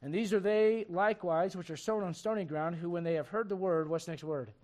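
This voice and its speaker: High-voiced guy preaching a bible study, gets loud and lively on the big points, reads verses out. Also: brisk. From raised in a Spanish-speaking home. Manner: animated, rising and loud on emphatic points, reads scripture aloud. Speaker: pastor. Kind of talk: sermon at a midweek Bible study.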